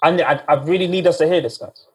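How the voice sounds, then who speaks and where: A man's voice: a little high, fast, breathy edge. A man preaching a sermon in a casual, conversational way, often repeating himself and speaking straight to "guys".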